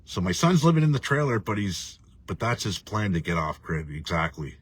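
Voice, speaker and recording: A man's voice: sits low, sing-song, moderate pace, husky. A man hosting a casual live stream, rambling and profane, reading viewer comments and laughing often. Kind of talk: casual ranting live chat.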